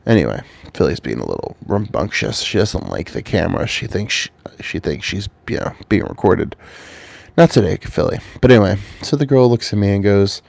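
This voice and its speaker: A man vlogs from home, telling a rambling, swear-laden story straight to camera in an offhand way. Recovering from a cold, he has a fairly low, gravelly, darkish voice that is sing-song and a little fast. The sound is dry and close, without room echo.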